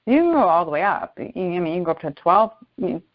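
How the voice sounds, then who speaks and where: A woman channeler giving spiritual guidance and pausing to search for words. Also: lowish voice, animated, lo-fi sound. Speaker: channeler, guest.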